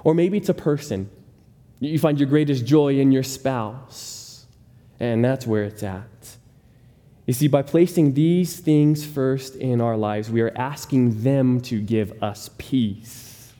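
A man's voice: medium pitch, slow, mellow. A man preaching a sermon as a pastor, speaking earnestly and often repeating words as he starts a thought. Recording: long hall reverb.

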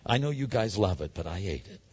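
A man preaching a sermon in an animated way, swinging from loud, emphatic lines to hushed ones. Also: sits low, a little fast, breathy edge. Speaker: pastor. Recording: dull sound in a large hall.

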